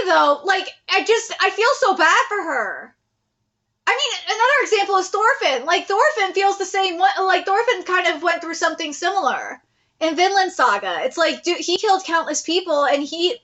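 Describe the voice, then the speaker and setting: A young woman gives live reaction commentary on a manga chapter in a casual, slangy way. Her voice sits very high and has a bright, sharp edge. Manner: casual and chatty, full of slang and fillers.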